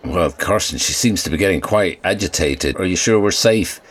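A man playing a deep-voiced deadpan radio reporter. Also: normal speed. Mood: dry. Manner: polite, dry, bemused. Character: stiff, bemused male radio reporter. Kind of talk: comedy audio sketch.

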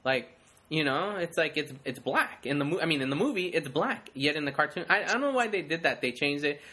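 A man's voice: a little high, expressive, a little fast, sharp tone. A man chatting casually as a podcast co-host, laughing often and acting out movie lines. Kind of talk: casual chat.

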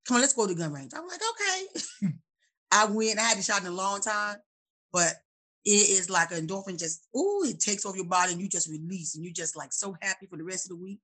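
A woman's voice: mid-range voice, lively intonation, quick pace, bright, forceful tone. A woman in a casual chat, playful and teasing with the others.

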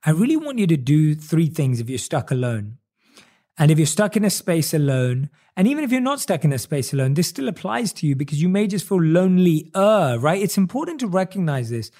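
A man giving an earnest motivational talk, stacking rhetorical questions and slowing down on key words. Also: on the high side, warm tone. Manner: earnest, repetitive rhetorical questions, speeds up and slows for emphasis. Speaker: motivational speaker.

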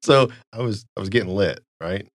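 A man's voice: on the low side, moderate pace. A man hosting a casual podcast, telling a rambling story and laughing often. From United States. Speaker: podcast host. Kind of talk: casual chat.

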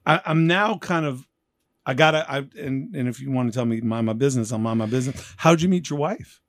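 A man's voice: medium pitch, a little fast, no echo, studio quality. A man in his fifties from New York hosting an interview podcast, chatting casually and joking, often acting out voices in his stories. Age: 50s. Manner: animated, jokey, acts out voices in his anecdotes. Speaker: podcast host.

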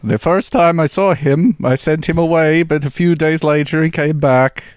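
A man's voice: fairly high pitch, normal speed, smooth, no echo, clean studio sound, lightly acted. A man voicing a Dutch bartender in a put-on Dutch accent, reading quotes. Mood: matter-of-fact. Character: male Dutch bartender, matter-of-fact.

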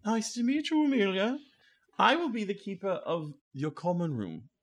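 Man putting on a high hooting owl gatekeeper. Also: very animated, heavily acted. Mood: coaxing. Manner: hooting, drawn-out, playful gatekeeper. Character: big old male owl guarding a common room.

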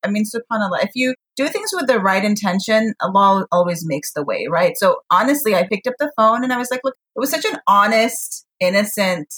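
A woman's voice: medium pitch, lively intonation, brisk, hardly any pauses, a bit bright. A woman guest telling a story casually, in a sincere and chatty manner.

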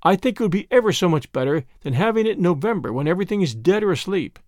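A man's voice: sits high, very animated, quick pace, darkish tone, dry recording, studio quality. A man voicing a dreamy, imaginative young girl who talks in rapturous, poetic phrases in a storybook reading. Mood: enthusiastic.

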